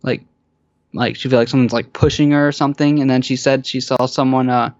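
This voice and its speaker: A man's voice: mid-range voice, little pitch movement, fairly quick, no room sound, highs cut off. A man talking casually as a guest about his experiences, hesitant, with many fillers and restarts. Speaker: guest caller. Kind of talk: casual interview chat.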